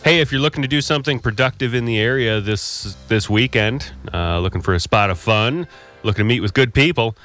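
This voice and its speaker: A man's voice: medium pitch, fairly quick, a bit bright, faint music behind. A man co-hosting a local radio show, joking wryly and laughing often. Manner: playful, laughs often, wry. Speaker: radio co-host. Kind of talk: casual radio banter.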